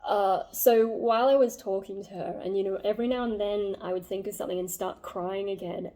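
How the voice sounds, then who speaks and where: A woman's voice: mid-range voice, brisk, few pauses, warm tone. A young woman telling a personal story to her vlog audience, rambling with many fillers and reflecting earnestly on herself. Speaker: vlogger.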